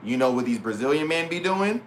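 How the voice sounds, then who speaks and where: There's slight background noise as a young man with a higher-pitched voice briskly narrates a story for his vlog. Casual, slangy and sweary, he animatedly retells the dialogue, taking on both parts of each conversation.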